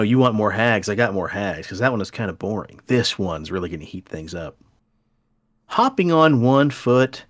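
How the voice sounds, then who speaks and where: A man hosting a podcast, telling folklore tales in a playful, dramatic way. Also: medium pitch. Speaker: podcast host. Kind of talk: storytelling podcast chat.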